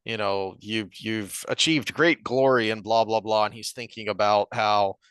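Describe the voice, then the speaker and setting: Bright, crisp-sounding man discussing a book. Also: on the low side, fairly even intonation, no echo. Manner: halting, reads passages aloud, many restarts. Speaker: podcast co-host.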